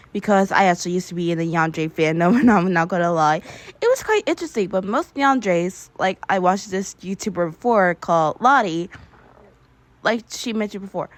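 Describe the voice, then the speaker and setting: A young woman in casual chat, sharing excitable, rambling fan theories with frequent giggles. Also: mid-range voice, dry recording.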